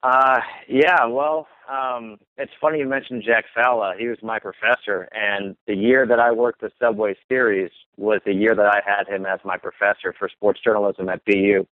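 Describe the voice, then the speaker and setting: A sports broadcaster answers interview questions over a phone line that sounds thin and tinny. He is a man with a lowish voice, and he rambles through career stories full of ums and restarts. The line is dry, with no room sound. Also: steady tone, normal speed, few pauses, no room sound. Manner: casual storytelling with many ums and restarts.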